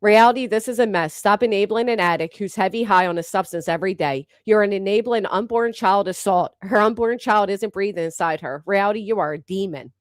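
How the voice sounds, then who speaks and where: A woman's voice: mid-range voice, fairly quick, few pauses, no room sound, studio quality. A woman doing live-stream reaction commentary, blunt and mocking, swearing freely as she talks over clips.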